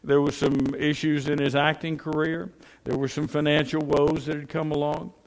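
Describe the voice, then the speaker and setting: A man's voice: fairly high pitch, level tone, normal speed. A man preaching a sermon, telling stories earnestly, with his emphasis rising and then dropping.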